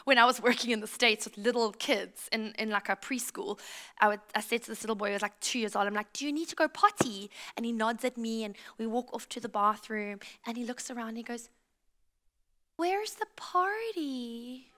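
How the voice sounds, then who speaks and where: A South African woman preaching a sermon, telling stories in a lively way and speaking straight to her congregation. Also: on the high side, fast talker. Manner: lively storytelling, addresses the congregation directly.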